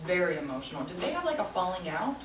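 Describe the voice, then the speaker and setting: A somewhat low-voiced woman gives a psychic group reading in a loose, chatty manner, leaning on "you know" as she talks. She is picked up from a distance in an echoey room, with clear noise underneath. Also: very animated, fast. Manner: warm, chatty, frequent "you know" fillers. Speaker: psychic medium. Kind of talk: group reading to a live audience. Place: room with a small audience. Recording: echoey room recorded from afar, noisy.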